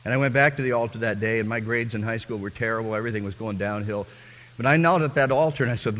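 A man preaching a personal testimony as a sermon, telling his story with fervor and swinging from hushed, quiet passages to loud, impassioned ones. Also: lowish voice, fast, big-room sound.

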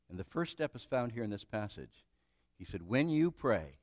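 A middle-aged man preaching a sermon, telling stories with self-deprecating humor and swinging between hushed and loud passages. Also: on the low side, big pitch swings, normal speed, no echo. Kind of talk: sermon with storytelling.

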